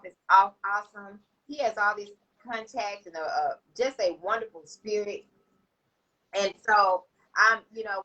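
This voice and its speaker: Woman, interview guest, lower voice, halting with fillers, lo-fi sound. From Houston, Texas. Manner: relaxed, halting with many fillers. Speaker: guest, education nonprofit founder. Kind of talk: casual interview chat. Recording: dull lo-fi call audio.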